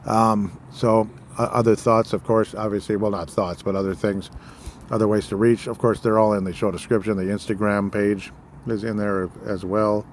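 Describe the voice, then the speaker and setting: A man's voice: fairly low pitch, little pitch movement, moderate pace, a little hiss or hum. A man hosting his own political podcast, talking loosely and rambling, with many fillers and small apologies. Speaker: podcast host. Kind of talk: casual political podcast monologue.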